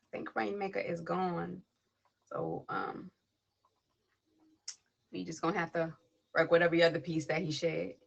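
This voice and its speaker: A woman's voice: on the low side, unhurried, creaky, pauses often, dull audio. A woman hosting a poetry livestream who reads a spoken word piece and then chats casually, greeting viewers and people passing by name. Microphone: tablet device.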